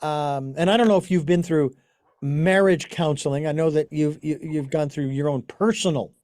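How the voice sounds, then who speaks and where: A man with a notably high speaking voice hosts a casual interview. He tells long, wandering anecdotes full of fillers and false starts. The sound is close and dry. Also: fairly even intonation, normal speed, darkish tone, dry recording. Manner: rambling storyteller with many restarts and fillers. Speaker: podcast host.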